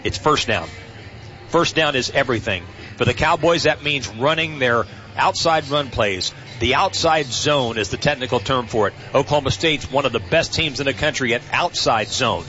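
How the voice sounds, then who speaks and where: A man, a team's play-by-play radio voice, giving folksy, relaxed football analysis from a stadium booth. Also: mid-range voice, normal speed, muffled recording.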